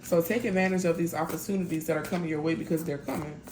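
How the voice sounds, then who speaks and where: A woman's voice: fairly low pitch, fast, background noise. A woman doing a casual tarot reading, chatty and blunt, talking straight to her viewers. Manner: chatty, blunt, lots of "y'all" and "like". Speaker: tarot reader.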